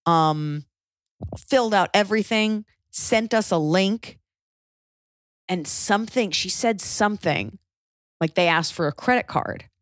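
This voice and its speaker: A woman in her thirties telling a story in casual chat, animated and quick to swear as she acts out what others said. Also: medium pitch, no echo, clean studio sound. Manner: animated, acts out quotes, swears when angry.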